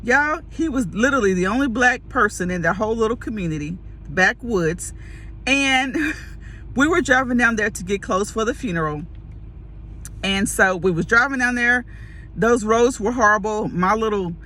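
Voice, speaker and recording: Woman vlogger, lively storyteller with a bright, forceful voice, does all the voices herself. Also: a little high, a little hiss or hum. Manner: animated, acts out quoted voices, laughs often. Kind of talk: casual storytelling to camera.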